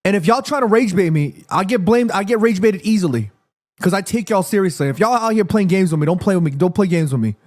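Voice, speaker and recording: A man hosting a live watchalong stream in casual chat, excitable, reading viewer messages aloud and swearing freely. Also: high-pitched, fast.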